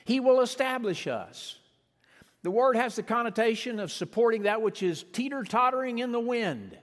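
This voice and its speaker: Man, sermon, high voice, swooping pitch, long hall reverb, emphatic. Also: animated. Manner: emphatic preaching with sweeping pitch and slowed stresses. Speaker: preacher.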